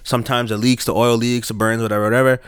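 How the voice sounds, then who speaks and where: A man's voice: flat delivery, fast, clear, resonant tone, dry recording, studio quality. Laid-back young man telling a story. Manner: laid-back, rambling, laughs into high-pitched bursts. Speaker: podcast host. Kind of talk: casual storytelling chat.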